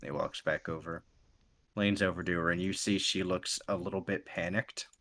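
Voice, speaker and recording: A man narrating as game master of a tabletop role-playing game, calm and descriptive. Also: deep voice, normal speed.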